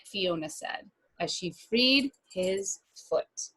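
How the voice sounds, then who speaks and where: A woman reading a children's picture book aloud, with animated asides to her listeners. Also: medium pitch, slow, slightly rough.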